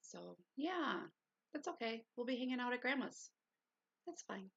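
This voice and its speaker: A woman hosts her own livestream from indoors at home, keeping her voice low and soft as she rambles along unhurried. Her voice is gravelly and a little husky, sitting at an ordinary middle pitch. The stream audio sounds dull and lo-fi. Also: big pitch swings. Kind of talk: casual livestream chat.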